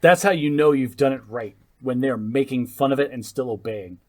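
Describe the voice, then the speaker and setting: A man with a mid-range voice co-hosts a casual podcast. He talks in an animated, joking way, often stammering and restarting his sentences as he pushes back on his co-host. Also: mid-range voice, normal speed.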